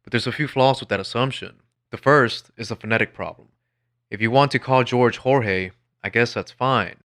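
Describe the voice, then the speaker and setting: A man's voice: medium pitch, normal speed, fairly bright tone. A man narrating his own story in a wry, blunt, sardonic scripted voice.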